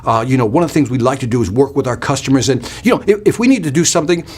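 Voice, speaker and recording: A man's voice: mid-range voice, expressive, racing, slightly rough. A man imitating a nervous salesperson who hesitates and stumbles over fillers while avoiding stating the price. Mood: flustered. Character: nervous, rambling male salesperson dodging the price.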